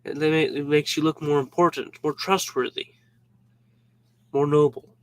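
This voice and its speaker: A man's voice: fairly high pitch, steady tone, unhurried, poor audio. A man giving a casual devotional Bible talk, informal and joking, acting out little scenes as he explains. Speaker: Bible teacher.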